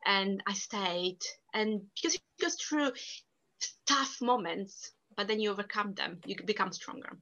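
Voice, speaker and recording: A woman's voice: mid-range voice, expressive, bright, forceful tone. A woman from Sicily, telling her own story candidly and reflectively in an interview. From Sicily, Italy. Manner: candid, reflective, quick bursts then slow emphatic phrases. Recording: dull lo-fi recording.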